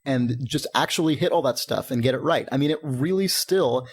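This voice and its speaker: A man's voice: medium pitch, fairly quick. A man co-hosting a podcast, talking casually and animatedly, swearing freely and laughing often. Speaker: podcast co-host. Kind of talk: casual chat.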